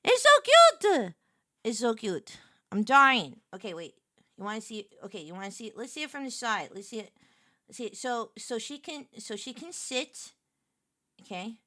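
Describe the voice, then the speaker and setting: Excitable high-voiced woman streamer. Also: moderate pace, no echo, studio quality. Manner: excitable, gushing, thanks viewers effusively. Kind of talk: casual live-stream chat.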